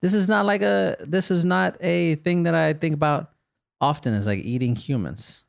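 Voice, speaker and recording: Animated, joking podcast host, smooth voice. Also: male voice, on the high side, dry recording, studio quality. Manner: animated storyteller, quick bursts of laughter, jokey. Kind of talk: casual comedic Q&A.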